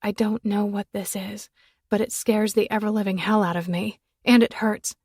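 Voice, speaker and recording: A woman narrating a first-person romance audiobook in an intimate, emotional manner that turns breathy at its quiet moments. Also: mid-range voice, steady tone, moderate pace, no room sound.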